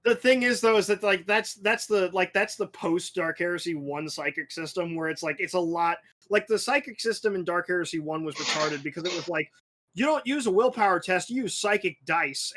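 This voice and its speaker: A young man hosting a casual podcast chat with a bright, slightly high voice. He rambles and swears freely, restarts his sentences and launches into animated tangents with acted-out asides. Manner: rambling, profane, restarts often. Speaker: podcast host.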